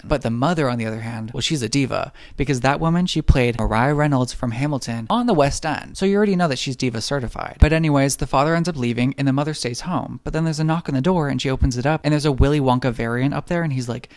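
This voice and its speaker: A man's voice: mid-range voice, dry recording, clean studio sound. A man giving a comedic, sarcastic movie recap, slipping into put-on voices for the characters. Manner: sarcastic, rapid-fire jokes with put-on quote voices.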